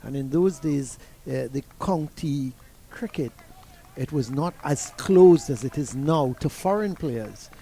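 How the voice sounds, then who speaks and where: A man's voice: medium pitch, lively intonation, slow, creaky, dark tone, breathy edge. An older man with a Trinidadian accent, commentating cricket and telling long rambling stories with restarts. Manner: rambling anecdotes with many restarts.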